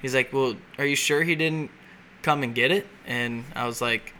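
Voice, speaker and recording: A man telling a story in a relaxed way in a casual podcast chat, quoting both sides of a phone call. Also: medium pitch, normal speed, slight background noise. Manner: relaxed storyteller, quotes others in dialogue.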